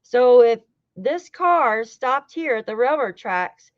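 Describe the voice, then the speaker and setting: A woman from the United States chats through a casual livestream with a slightly high voice, swearing and laughing as she goes. The sound is dull and lo-fi, with a dry close feel and no room echo. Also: expressive, takes it slowly. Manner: chatty, swears, laughs often, talks to chat. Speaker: true-crime livestream host.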